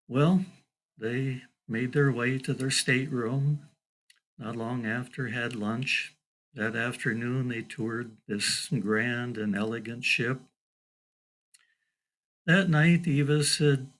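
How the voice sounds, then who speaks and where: An older man, a local historian, slowly and deliberately telling a historical story and quoting a survivor's account. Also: medium pitch, steady tone, fairly bright tone, rough recording. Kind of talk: slow spoken storytelling.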